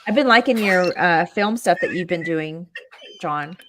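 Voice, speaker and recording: Animated storytelling woman, twang. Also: fairly low pitch, unhurried, slight background noise. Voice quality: animated storyteller who acts out quotes. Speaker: co-host of a web show. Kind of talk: casual chat.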